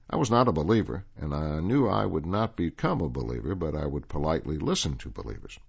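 Male host-reader, very low, husky voice, steady read-aloud pace, dull lo-fi recording. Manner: calm, measured read-aloud delivery. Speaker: volunteer radio reader and host. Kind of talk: reading articles aloud, then casual anecdote.

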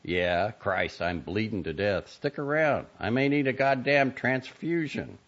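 A man voicing a scruffy, excitable young man who breaks into loud, profane outbursts. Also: fairly low pitch, a little slow, voice pushed up. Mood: agitated. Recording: dull lo-fi recording.

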